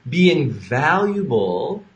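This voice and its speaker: A man hosting an interview, enthusiastic and animated, playing devil's advocate for hairdressers. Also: a little high, drawn-out words. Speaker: interview host. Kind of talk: conversational interview. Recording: echoey room.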